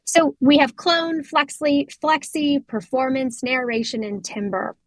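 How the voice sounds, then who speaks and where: An American woman demonstrating voice software step by step, explaining as she clicks, with fillers and quick self-corrections. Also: high voice, fairly even intonation, no echo, poor audio. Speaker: product demonstrator. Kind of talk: software demo walkthrough.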